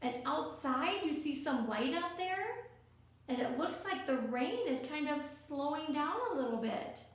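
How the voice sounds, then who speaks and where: A woman with a high voice reads a picture book aloud to young children at an unhurried pace. She coaxes gently and keeps asking her listener questions. Her voice rings around a very echoey room. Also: lively intonation. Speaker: storyteller.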